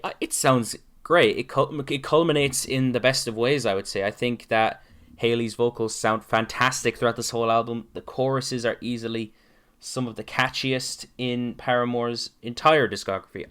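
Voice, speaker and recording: A man's voice: medium pitch, a bit bright, clean tone. A young man co-hosting a casual podcast chat, laughing easily and admitting he stutters a lot. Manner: laughing, self-aware about stuttering. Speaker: podcast co-host.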